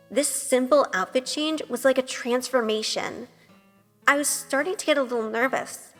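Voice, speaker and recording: Shy young woman narrator, earnest and self-questioning, slightly high voice, reverberant with light music. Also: a bit bright. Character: shy, nervous young woman, obsessive and curious. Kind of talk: first-person audio drama narration.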